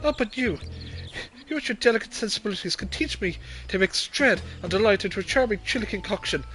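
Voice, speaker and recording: A man's voice: high voice, expressive, fairly quick, sharp tone, soft background music, pitched above the performer's own voice. A man voicing a sleazy male demon disguised as a clown, with a theatrical put-on accent.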